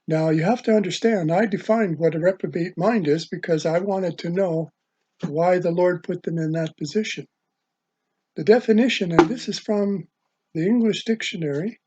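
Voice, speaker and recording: Casting note: man, online preacher, husky and slightly high voice, hesitant delivery, dull lo-fi recording. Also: a little mellow. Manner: halting, with many ums and uhs. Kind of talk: religious video sermon. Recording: dull lo-fi sound.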